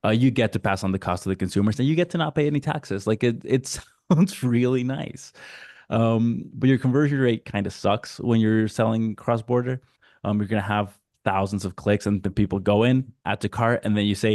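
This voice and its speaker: Mexican guy on a video call webinar, kinda low voice, casual and lively, dry sound. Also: no echo. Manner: casual and animated, mimics customers in quick asides. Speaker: guest speaker. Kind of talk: webinar presentation.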